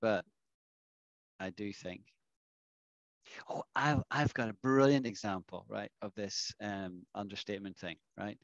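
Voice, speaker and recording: Lower-voiced man teaching, dull dry sound. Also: fairly even intonation, unhurried, long pauses, dry recording. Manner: explains patiently, often checks with "right?". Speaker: English teacher. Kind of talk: classroom explanation.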